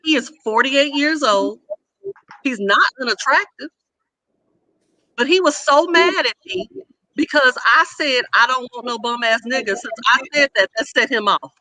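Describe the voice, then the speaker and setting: Bright, animated woman telling a story. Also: high voice, unhurried, no room sound. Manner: animated, acts out quoted voices; blunt and comic. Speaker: podcast co-host. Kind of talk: casual storytelling chat.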